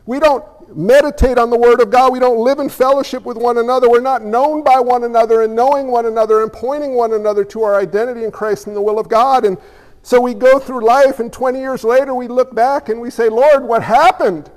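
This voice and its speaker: A man's voice: very high-pitched, steady tone, fast, a little mellow. A man preaching a sermon, asking the congregation questions and telling stories. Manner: emphatic, questioning, storytelling. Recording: long hall reverb.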